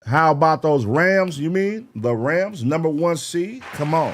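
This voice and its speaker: A young man hosting a live reaction stream, talking loosely with profane slang, laughing and shouting out names from the chat. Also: on the high side, lively intonation, a little slow, some chatter behind, slight background noise.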